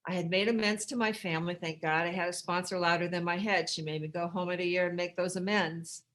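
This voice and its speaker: A middle-aged American woman speaking at a recovery workshop, telling her own story in a candid, rambling way with dark humor and many restarts. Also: lowish voice, steady tone, fast talker. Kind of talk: personal storytelling share.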